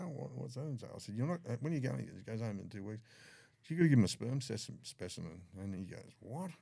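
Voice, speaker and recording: A man's voice: fairly low pitch, vocal fry, warm tone, no room sound. A middle-aged Australian man telling profane, laughing stories as a podcast guest. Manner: profane, laughing yarn-spinner. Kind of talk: casual storytelling.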